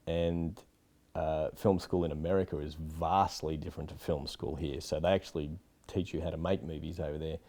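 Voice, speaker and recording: A man's voice: extremely low pitch, little pitch movement, normal speed, dark tone. An Australian man, a film director, giving frank, rambling interview answers with many asides. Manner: rambling, frank, lots of "you know".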